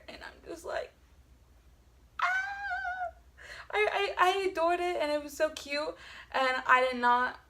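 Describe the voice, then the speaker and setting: A woman book vlogger talking in a casual, rambling way, stacking up "like" fillers and correcting herself as she goes. Her voice sits high with a gravelly fry running through it, and she takes her time. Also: a bit bright. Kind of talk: casual chat.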